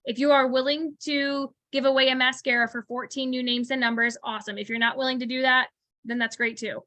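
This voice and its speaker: A woman coaching on a video call, chatty and animated, often acting out what to say on the phone. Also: sits high, brisk, dry recording. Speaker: sales coach.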